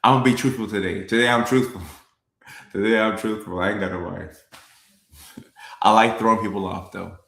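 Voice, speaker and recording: A man's voice: lowish voice, steady tone, moderate pace, gravelly, long pauses, a bit bright, reverberant. A young man, a comedian, chatting casually on a live stream, reading comments and repeating his lines with a laid-back chuckle.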